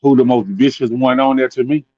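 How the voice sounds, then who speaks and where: A Southern man co-hosts a relaxed chat. His middle-pitched voice comes through slightly muffled and dry. He repeats words as he talks, often calling his partner "boy.". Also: fairly quick, no room sound. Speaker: podcast co-host. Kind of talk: casual chat.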